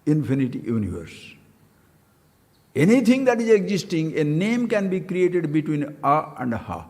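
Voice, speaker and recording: A man giving a spiritual discourse, playful and animated, chanting syllables with big leaps in pitch. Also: slow, long pauses. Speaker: spiritual teacher. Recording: long hall reverb.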